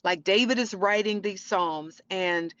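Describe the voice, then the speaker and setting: A woman's voice: mid-range voice, a little slow, fairly bright tone, dry recording, lo-fi sound. A woman hosting a faith-based podcast, talking earnestly and preachily to her listeners. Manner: earnest, preachy, says y'all often. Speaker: podcast host. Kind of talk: faith-based motivational talk.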